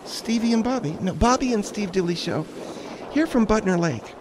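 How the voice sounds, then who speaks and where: A man's voice: high voice, expressive, normal speed, noisy background. A man playing a gushing chat show host who fumbles names.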